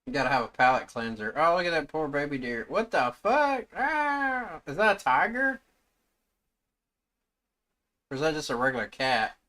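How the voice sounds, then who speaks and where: A man's voice: fairly high pitch, big pitch swings, moderate pace, long pauses, sharp tone. A man streaming live, reacting to video clips with profane, blurted comments.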